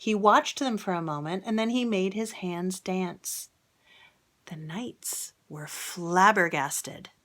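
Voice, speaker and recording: A woman reading a picture book aloud to children, gently, with whispered asides and questions. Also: fairly low pitch, slow pace. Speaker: storybook reader.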